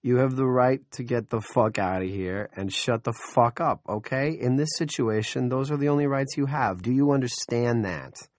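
A man's voice: mid-range voice, moderate pace, few pauses, no room sound, clean studio sound, voice pushed up, lightly acted. A man voicing an impatient young male cop who lectures with exasperated profanity in an audiobook.

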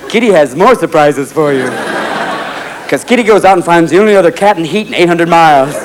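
Profane high-voiced stand-up man, live crowd. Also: expressive. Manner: rapid, profane, jumps into high voices for animals. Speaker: stand-up comedian. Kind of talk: stand-up routine before a live audience. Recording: live club recording with crowd noise.

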